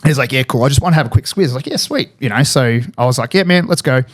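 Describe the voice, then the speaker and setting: An Australian man, a podcast guest, telling a war story in casual chat and swearing freely. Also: medium pitch. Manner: fast, swears freely, lots of fillers. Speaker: podcast guest, former paratrooper.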